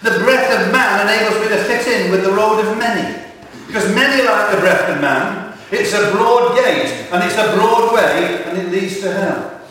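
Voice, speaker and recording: A man preaching a sermon, earnest and deliberate, asking rhetorical questions and quoting scripture, recorded in a large church hall. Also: high-pitched, a bit bright. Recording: echoey hall heard from far off.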